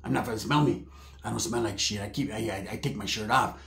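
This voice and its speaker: A man voicing a slow-witted stoner male cousin who mumbles and stammers. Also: lowish voice, gravelly, a bit bright, a little hiss or hum, pitched below the performer's own voice. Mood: mumbling. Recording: roomy echo.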